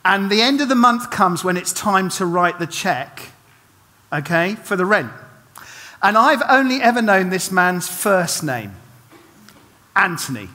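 A man's voice: sits high, very animated, a little slow, long pauses, pushed and bright. A middle-aged man, preaching a chatty, self-deprecating sermon full of humorous asides and restarts. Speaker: pastor. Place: church hall. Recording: long reverb of a church hall.

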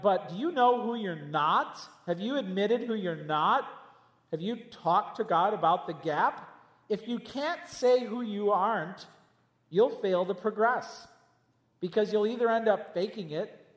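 A man preaching a sermon as pastor, mixing teaching with jokes and chatty asides. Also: high voice. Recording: echoey hall with long reverb.

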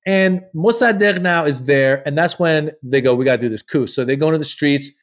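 A man's voice: on the high side, fairly quick. A man, a comedian guest, telling a long story in a casual podcast chat, acting out the people he quotes in a loose, profane way. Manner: animated, acts out quoted people.

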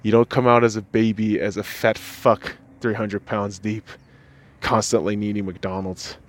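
A man's voice: fairly low pitch, level tone, measured pace. A man hosting a solo podcast, ranting in a profane and sarcastic way. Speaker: podcast host.

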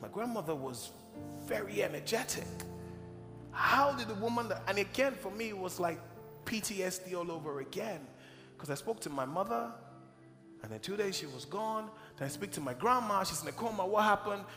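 A man from Nigeria preaching, telling a personal testimony as an emotional, animated storyteller in a large church hall. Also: high-pitched, normal speed. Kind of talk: sermon storytelling. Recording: echoey hall with music.

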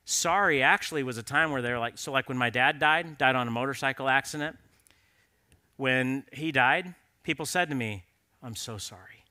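Guy preaching, earnest and direct, tells stories casually, bright tense voice. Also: mid-range voice, moderate pace. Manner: earnest, direct appeals to men; conversational storytelling. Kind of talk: sermon.

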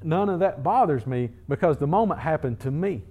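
A man's voice: a little high, expressive, a little fast, warm tone. A middle-aged man preaching a sermon in a conversational way, often repeating words as he builds emphasis. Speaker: pastor.

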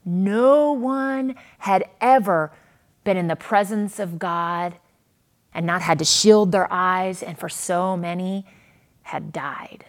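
A woman preaching a sermon, earnest, with dramatic pauses and a voice that swells and drops. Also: fairly low pitch. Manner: earnest, dramatic pauses, rises and falls in volume.

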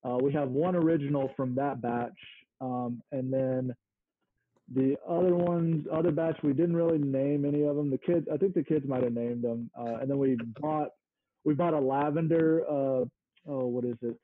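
A man's voice: mid-range voice, steady tone, moderate pace, no room sound. A man from Mississippi, a guest chatting in an easygoing way and searching for words as he goes. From Mississippi, United States. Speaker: interview guest, small farm owner. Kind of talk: casual conversation. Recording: narrow phone-like sound.

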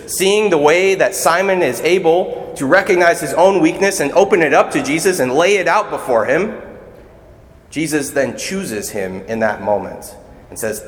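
A man's voice: a little high, lively intonation, normal speed. A man serving as a deacon, giving a conversational, earnest sermon in a church. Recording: echoey church hall.

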